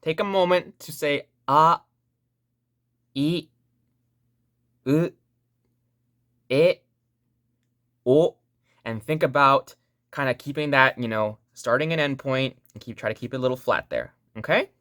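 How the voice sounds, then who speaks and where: A woman's voice: very deep voice, unhurried, pauses often, fairly bright tone, dry recording, clean studio sound. A woman teaching a language lesson online in a playful, joking way, repeating sounds for learners to say back.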